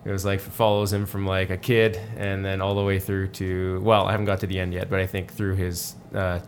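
Male podcast co-host, lowish voice, casual and meandering, faint noise behind. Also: a little fast. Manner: relaxed, rambling with fillers. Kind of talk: casual chat.

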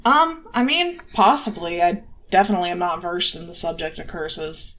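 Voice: mid-range voice, moderate pace, a bit bright, lo-fi sound, natural voice. A player voicing a worried, guilt-ridden elf adventurer in a tabletop game, rambling with many fillers. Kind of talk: in-character tabletop play.

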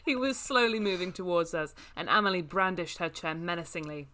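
A woman's voice: fairly low pitch, brisk, a crowd in the background. A woman reading a novel aloud as a comedy bit, with laughing asides. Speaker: reader.

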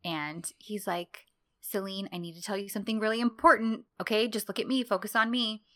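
A woman chatting casually as a co-host, her voice bright and sharp. She retells scenes in an animated way, slipping briefly into the characters' voices. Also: medium pitch. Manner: animated retelling, acts out lines in quick voices. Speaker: podcast co-host. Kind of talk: casual chat recapping a drama.

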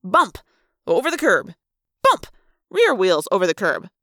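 A woman narrating a fan read-aloud of a novel in a lively, expressive way. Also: lowish voice, fairly quick, dry recording, studio quality.

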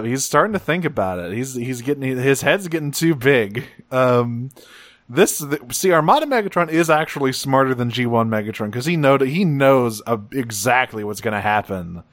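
Podcast co-host, male, casual recap banter, swears a lot, middle pitch, dry close sound. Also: no room sound. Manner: swears freely, acts out quoted lines. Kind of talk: casual episode recap chat.

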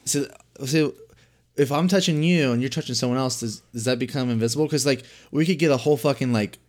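A man's voice: mid-range voice, quick pace, a little mellow. A young man co-hosting a podcast in casual chat, rambling with lots of filler words and swearing. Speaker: podcast co-host.

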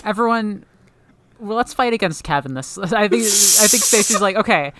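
A woman playing a tabletop role-playing game, talking in a halting, hesitant way. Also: mid-range voice, lively intonation, very noisy. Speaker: player.

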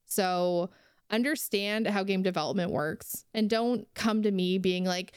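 A woman's voice: medium pitch, measured pace, clear, resonant tone, no room sound, clean studio sound. A young woman co-hosting a casual podcast, ranting heatedly and swearing freely. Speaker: podcast co-host.

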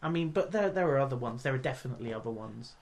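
A man's voice: mid-range voice, expressive, racing. A man co-hosting a casual podcast chat, rambling and hesitant with many ums, wry and given to swearing. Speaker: podcast co-host.

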